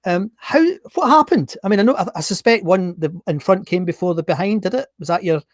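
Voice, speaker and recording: A man hosting a podcast, asking questions in a relaxed, hesitant way. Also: high voice, a little fast, no room sound, clean studio sound. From Scotland. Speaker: podcast host. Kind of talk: casual interview chat.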